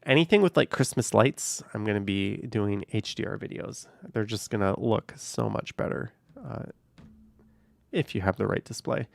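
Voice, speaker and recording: A young man with a lowish, gravelly voice speaks at a normal pace, recorded dry. He's live streaming from his car as he drives around the city, casually reading messages, thanking supporters and fielding questions.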